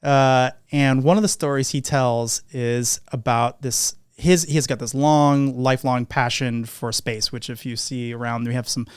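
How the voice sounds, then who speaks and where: This podcast host speaks at a moderate pace in a smooth, medium-pitched voice, barely pausing as he tells a casual story. He livens it up by performing the quoted lines. The studio-quality audio has no echo.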